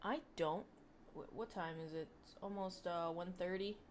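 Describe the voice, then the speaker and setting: A woman's voice: on the low side, steady tone, normal speed, a little hiss or hum. A woman giving casual commentary on posts she reads, sarcastic and mocking, with frequent laughter. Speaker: online commentator.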